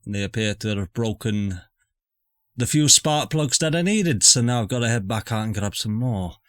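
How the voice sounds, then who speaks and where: A man's voice: fairly low pitch, expressive, normal speed, smooth, no room sound, close to an everyday voice. A man voicing a Scottish-accented male NPC in a tabletop game, drawling and conspiratorial. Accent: Scottish, put on. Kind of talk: tabletop role-play character voice.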